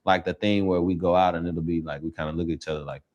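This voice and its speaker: A man's voice: sits low, steady tone, quick pace, darkish tone, dull audio. A young man talking as an interview guest in a laid-back way, using casual slang and many fillers. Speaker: interview guest, football player. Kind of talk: relaxed interview conversation.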